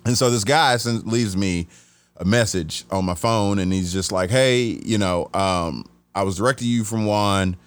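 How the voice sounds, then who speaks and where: A podcast host from Atlanta, USA, tells a story in a casual, animated way, in a voice on the low side at a moderate pace. He restarts sentences and acts out the voices he quotes.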